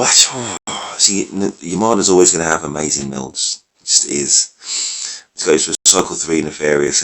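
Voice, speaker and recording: A man's voice: very deep voice, vocal fry, a bit bright. A man casually talking through card game decks, rambling and correcting himself as he thinks aloud, his voice a little worn. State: losing his voice. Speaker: mobile game video creator. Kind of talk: casual gameplay commentary.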